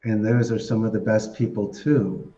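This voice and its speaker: A man, a podcast guest giving casual interview answers in an animated, storytelling way and laughing often. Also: on the low side, moderate pace. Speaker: podcast guest, call center business owner. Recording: echoey room, dull lo-fi sound.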